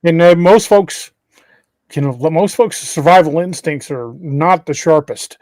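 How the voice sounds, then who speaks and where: A man co-hosting a podcast, making slow, drawling remarks in casual chat. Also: fairly high pitch, a little mellow, no echo. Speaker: podcast co-host.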